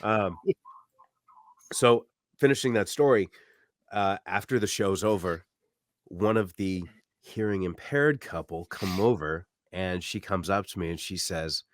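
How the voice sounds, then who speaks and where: A man co-hosting a podcast, telling a story in casual chat and acting out loud shouts along the way. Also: deep voice, unhurried, dry recording, studio quality. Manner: loud, animated storyteller who acts out shouts. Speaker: podcast co-host. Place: apartment room.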